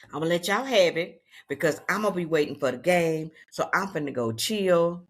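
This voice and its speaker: A woman's voice: on the low side, fairly quick, husky. A woman with a Southeast Texas accent, talking casually and unscripted to her viewers in a chatty, folksy way. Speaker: vlogger.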